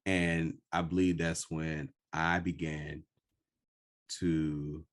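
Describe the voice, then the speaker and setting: A man hosting a podcast, telling his own story slowly and earnestly in a reflective conversation. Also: a bass voice, little pitch movement. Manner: slow, earnest, personal storytelling. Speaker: podcast host.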